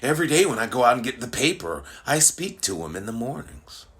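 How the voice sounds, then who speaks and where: A man commenting to his online followers, animated and repetitive, with frequent restarts and rhetorical questions. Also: medium pitch, fairly quick. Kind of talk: casual monologue to social media followers.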